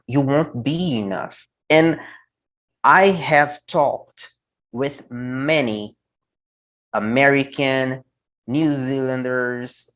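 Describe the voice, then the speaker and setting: A man's voice: mid-range voice, rough recording. Blunt Brazilian man with a Portuguese accent. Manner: blunt, opinionated, animated when making a point. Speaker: English teacher. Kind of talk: casual conversation.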